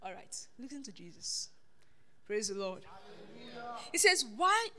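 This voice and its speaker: A woman preaching a sermon, questioning her congregation and swinging between loud declarations and hushed asides. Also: on the high side, big pitch swings, moderate pace. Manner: call-and-response questioning the congregation.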